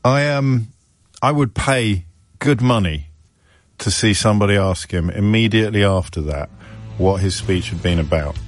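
A man in his fifties hosting a talk radio show, speaking in a wry, mocking, conversational way with frequent quick restarts. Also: on the low side, no room sound. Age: 50s.

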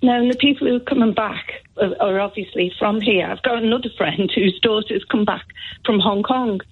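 Husky woman caller on a phone line. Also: medium pitch, a little fast. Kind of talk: phone-in call.

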